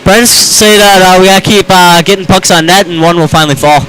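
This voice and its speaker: A man's voice: high voice, steady tone, fast talker, fairly bright tone, a little hiss or hum, low-quality recording. A young male backup goaltender giving brief, hesitant answers in a between-periods interview.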